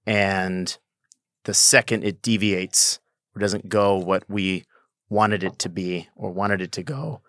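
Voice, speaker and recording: A man talking as a podcast guest in casual chat. He sounds calm and reflective, hesitant at times. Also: sits low, takes it slowly, no echo, studio quality. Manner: calm, reflective, hesitant, with many fillers and restarts.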